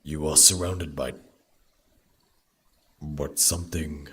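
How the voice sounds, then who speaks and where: A man voicing a grim male narrator for a game, with a slow, heavy delivery. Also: very deep voice, fairly even intonation, sharp tone, heavily acted. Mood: grave.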